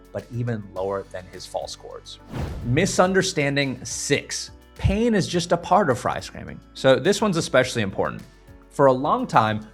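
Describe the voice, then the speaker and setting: Husky male vocal coach, lively delivery. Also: medium pitch. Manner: explains clearly, breaks into short scream demonstrations. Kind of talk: instructional video lesson.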